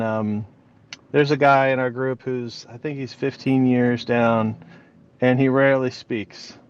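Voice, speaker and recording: A man speaking as a guest in an interview, reflective and candid, often trailing off quietly. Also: mid-range voice, clean tone. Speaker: interview guest, bereaved father. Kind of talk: conversational interview. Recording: dull lo-fi audio.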